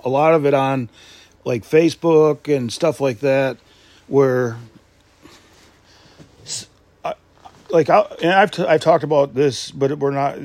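A man's voice: medium pitch, a little mellow, no echo. A man hosting a casual podcast, rambling with many restarts and asides. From Michigan. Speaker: podcast host. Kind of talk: casual solo podcast talk.

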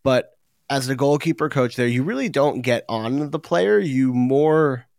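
A man's voice: medium pitch, measured pace, gravelly, no room sound, studio quality. A man hosting a casual sports talk show, telling stories with energy and swearing now and then. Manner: animated storytelling, swears casually. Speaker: podcast host.

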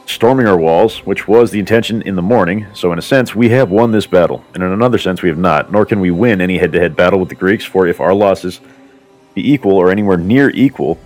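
A man's voice: low-pitched, fairly quick, darkish tone, lightly acted. A man voicing a proud warrior prince who speaks in a formal, declamatory way. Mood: resolute. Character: proud male warrior prince, bold and commanding.

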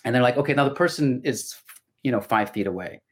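A man's voice: medium pitch, lively intonation, fast talker, slightly rough. A middle-aged man and voice actor talking casually as a podcast guest, reflective and storytelling, often restarting his sentences. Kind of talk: casual conversation.

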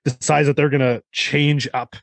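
A man's voice: fairly high pitch, flat delivery, moderate pace, vocal fry. A man co-hosting a casual podcast, explaining at length in a rambling way with many fillers. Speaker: podcast co-host.

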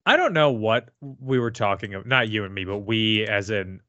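A man's voice: on the low side, lively intonation, moderate pace, bright, forceful tone, no echo, muffled recording. A man co-hosting a podcast, recapping a movie plot in a dry, sarcastic, casual way. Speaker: podcast co-host. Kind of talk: casual movie review chat. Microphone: remote podcast mic, no camera.

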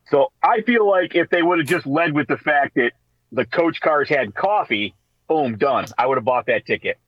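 A man co-hosting a radio talk show, telling stories in a casual, animated way and laughing as he goes. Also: fairly high pitch, unhurried, breathy edge, muffled recording. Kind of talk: casual storytelling chat.

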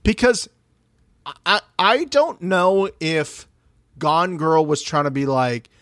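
A man's voice: on the high side, slow, no echo, clean studio sound. A man co-hosting a podcast in casual, profane chat, often quoting other people as he talks. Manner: animated, profane, quotes others. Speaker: podcast co-host.

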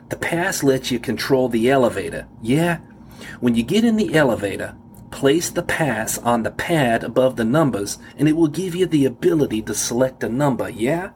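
A man's voice: mid-range voice, slight background noise, voice pushed up, close to an everyday voice. A man voicing a hulking, mocking male security guard with a New York accent, brusque and pushy. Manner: brusque, tags lines with "yeah?".

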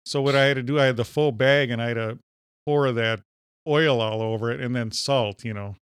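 A man's voice: mid-range voice, steady tone, brisk, smooth, dry recording, clean studio sound. A man from Minnesota with a Minnesotan accent, co-hosting a podcast and telling stories with enthusiasm. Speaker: podcast co-host. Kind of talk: casual chat.

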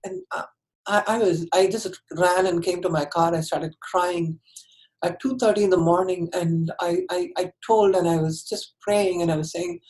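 A woman speaks in a lower register, telling her own story to an interviewer. She is candid and earnest, and her sentences often stall and restart as she works through them. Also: normal speed, a little mellow, low-quality recording.

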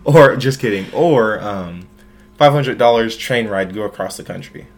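A man's voice: on the low side, normal speed. A young American man hosting a casual podcast chat, rambling and joking with many "like"s. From United States. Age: young adult. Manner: rambling, joking, heavy use of "like". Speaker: podcast host.

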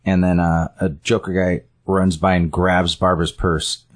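A man's voice: low voice, level tone, unhurried. A man casually retelling a story scene by scene, rambling with fillers and self-corrections.

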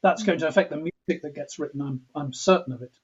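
Husky English man, musing aloud. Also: fairly high pitch, fast talker. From England. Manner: reflective, restarts sentences, mimics accents playfully. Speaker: composer interviewed as guest. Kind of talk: thoughtful interview talk. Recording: dull lo-fi audio.

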